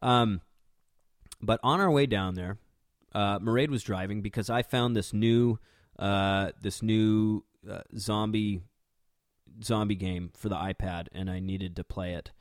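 A young man rambles through a casual story as a podcast host, breaking into laughs. His voice sits slightly low, recorded dry and close with no room sound. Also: fairly even intonation, unhurried, dry recording. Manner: rambling, chatty, laughs between phrases.

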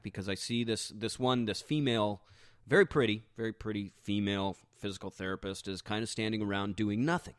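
A podcast host tells an embarrassing story in a casual monologue, rambling, mocking himself and restarting often. His voice is on the low side, with a steady tone and a slightly fast pace, and the recording is clean studio sound with no room sound.

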